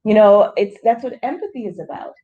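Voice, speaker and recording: A woman's voice: mid-range voice, lively intonation, brisk, narrow, tinny audio. A woman leading a grief support small group, talking earnestly with everyday analogies.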